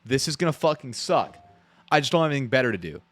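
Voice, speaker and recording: A man's voice: mid-range voice, sing-song, fast, fairly bright tone, no room sound. A man streaming from home, reacting live in a rambling, profane way and repeating himself when worked up.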